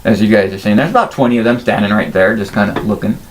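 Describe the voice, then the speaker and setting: A man narrating a tabletop role-playing game as game master, in a playful, animated way. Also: lowish voice, quick pace, a little hiss or hum. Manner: animated, playful scene-setting.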